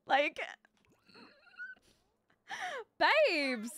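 A woman's voice: a little high, expressive, moderate pace, fairly bright tone, no echo. A young woman chatting casually while live-streaming a life-sim game, giggly and full of fillers as she greets viewers and reacts to the game. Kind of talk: casual gameplay commentary.

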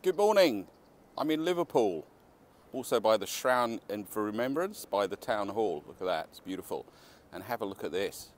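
A man's voice: fairly low pitch, expressive, moderate pace, few pauses. Chatty man vlogging on a city street. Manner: chatty and enthusiastic, with wry asides. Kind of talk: casual walking vlog to camera. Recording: faint street noise outdoors.

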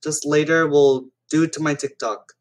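A man's voice: fairly high pitch, steady tone, normal speed. A man giving casual reaction commentary as a YouTuber, chatting to viewers and reading stories aloud with small restarts.

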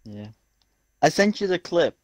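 A man's voice: a little high, sing-song, unhurried, no echo, low-quality recording. A man chatting casually as a co-player during a racing game, dry and teasing. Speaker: co-player in party chat. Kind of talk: casual gaming chat.

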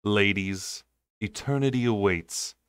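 A man's voice: smooth, dry recording, clean studio sound. A man doing a cruel, mocking king. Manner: slow, low, mocking.

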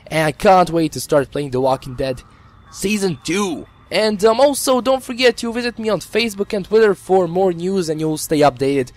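A man hosting a gameplay video with a strained voice, giving excitable, casual commentary and swearing freely. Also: sits high, moderate pace. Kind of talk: casual let's-play commentary.

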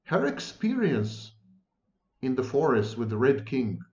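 A man's voice: mid-range voice, very animated, unhurried, darkish tone. A man lecturing on psychology and reading a story aloud, with dramatic delivery and wry asides. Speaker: psychology professor. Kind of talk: video lecture with a read-aloud excerpt. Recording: roomy, dull lo-fi sound.

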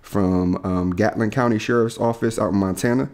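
A man's voice: fairly low pitch, steady tone, normal speed, a little mellow. A young man co-hosting a podcast, telling stories in a laid-back way with laughs and casual slang. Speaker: podcast co-host. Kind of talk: casual chat.

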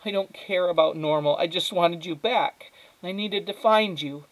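A man's voice: a little high, moderate pace, voice pushed up, lightly acted, rough recording. A male teacher voicing an anxious, tearful mother in a storybook read-aloud, pleading and emotional.

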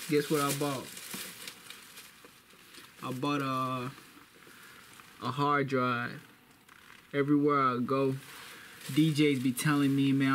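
A man's voice: mid-range voice, fairly bright tone. A young man hosting a casual vlog, boastful and repeating phrases for hype, talking to a camera mic indoors at home. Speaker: vlogger. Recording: noisy background.

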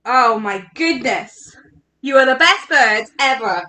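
A woman's voice: on the high side, animated, slow, bright, forceful tone. A woman leading an interactive story workshop for children, talking in a playful, encouraging, sing-song way.

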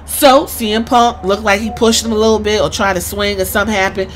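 A woman in a mid-range voice tells a story in a loose, casual way, full of profanity. She is animated and acts out each person she describes. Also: mid-range voice, fast talker, a little hiss or hum. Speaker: podcast host.

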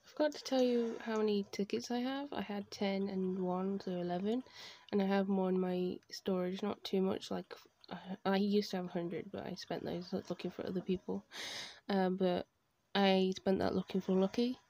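A woman chatting casually over her gameplay from her bedroom at home, gushing and excitable as she talks. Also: medium pitch, moderate pace, dull audio. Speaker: video game streamer.

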